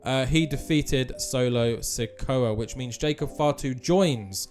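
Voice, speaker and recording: A man's voice: medium pitch, slow, darkish tone, soft background music. Chatty man commenting on a game. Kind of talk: casual commentary.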